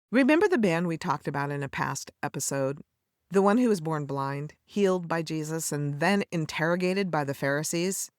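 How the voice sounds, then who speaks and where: A woman with a lowish voice delivers a scripted devotional teaching, her pitch rising and falling widely as she tells the story. She speaks to the listener tenderly, like a close friend. The sound is dry and close, with no room around it. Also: no echo. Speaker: podcast host.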